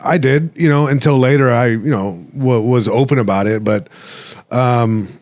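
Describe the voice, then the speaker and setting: A man's voice: mid-range voice, normal speed, a little mellow, no room sound. A man hosting a podcast, talking reflectively in casual chat with many fillers and restarts, slipping into Spanish phrases. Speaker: podcast host.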